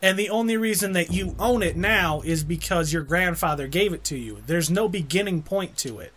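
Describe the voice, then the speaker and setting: Excitable high-pitched man playing a game. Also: moderate pace, slight background noise. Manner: excitable, rambling, dramatic when reading aloud. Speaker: let's play co-host. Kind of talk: casual gameplay commentary.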